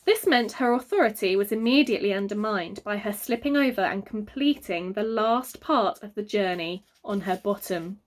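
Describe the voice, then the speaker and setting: A woman reading a children's book aloud, very expressive and adding sound effects. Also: medium pitch, normal speed, hardly any pauses. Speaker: reader. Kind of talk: storybook read-aloud for children.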